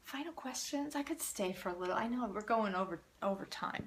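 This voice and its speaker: A woman's voice: mid-range voice, expressive, a little fast, slight background noise. A woman who is a parenting coach, hosting a live Q&A and talking in an earnest, encouraging way, often restarting her sentences. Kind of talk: casual live-stream Q&A talk.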